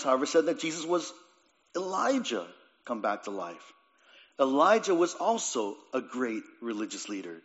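A man at mid pitch preaches a sermon, pressing hard on some lines and letting others fall almost to a hush. He restarts and repeats words as he thinks aloud, and the recording sounds dull and lo-fi. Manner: swings between raised emphatic lines and quiet, dropped phrases.

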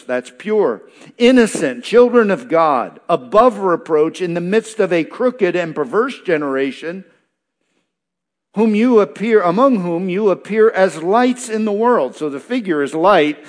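A man with a fairly high voice delivers a sermon, reading verses and unpacking them phrase by phrase. His delivery is emphatic and repetitive, building points in short punchy lines. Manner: expository preaching, reads verses then explains, emphatic repetition. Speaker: pastor.

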